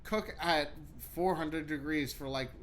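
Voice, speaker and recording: A man's voice: a little high, a little slow, a bit bright, a little hiss or hum. A young man co-hosting a podcast, telling rambling stories with lots of swearing and fillers. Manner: rambling storyteller, swears, acts out quotes. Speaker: podcast co-host. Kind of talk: casual chat.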